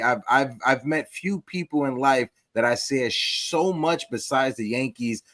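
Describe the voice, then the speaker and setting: A man's voice: medium pitch, fairly bright tone, no echo, studio quality. A man hosting a casual sports talk show, upbeat, often stumbling and repeating words as he talks. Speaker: host.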